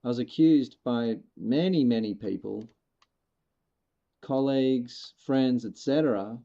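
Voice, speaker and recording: An Australian man whose accent has become partly Americanized chats casually and muses aloud while live-streaming a game, swearing now and then. His voice is medium-pitched, unhurried, gravelly and warm, with the high frequencies cut off.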